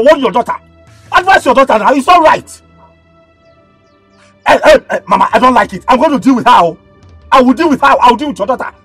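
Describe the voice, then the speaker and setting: Brief: high, husky-voiced Nigerian keke driver, quick to blow up, film music under. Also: male voice, exaggerated voice. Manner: quick to anger, shouting insults. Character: hot-tempered male keke driver, young adult. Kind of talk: Nollywood film acting.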